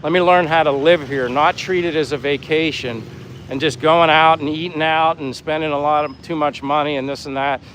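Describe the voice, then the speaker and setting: A man's voice: on the high side, fairly even intonation, normal speed, a bit bright, low-quality recording. A man in his fifties from Pennsylvania, chatting casually on a live stream while walking by the sea, rambling and friendly as he reads out viewer comments. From Pennsylvania, USA. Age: 50s. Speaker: vlogger, live-stream host. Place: outdoors by the sea in a town. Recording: faint outdoor noise, wind on mic. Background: breeze and faint street and boat sounds.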